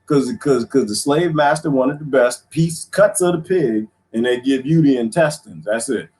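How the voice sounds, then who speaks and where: On a live stream, a man tells crude, funny stories in casual chat with his viewers, animated and laughing often. He speaks at a medium pitch and normal speed.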